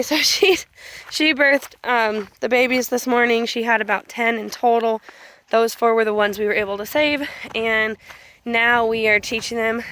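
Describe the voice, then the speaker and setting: A woman's voice: a little high, sharp tone, slight background noise. A young woman chatting casually as she films her farm animals, rambling and affectionate. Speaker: farm owner. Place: outdoors on a farm.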